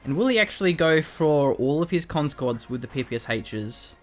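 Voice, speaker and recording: A man casting a strategy video game match, reacting with quick excitement and jokes. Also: on the high side, faint music behind. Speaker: esports caster. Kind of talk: game commentary.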